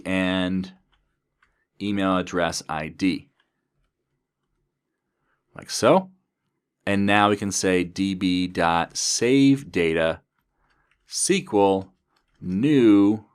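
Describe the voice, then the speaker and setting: A man's voice: sits low, smooth. A man giving a coding tutorial, talking through each step as he types. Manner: methodical, talks through code as he types. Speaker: programming instructor.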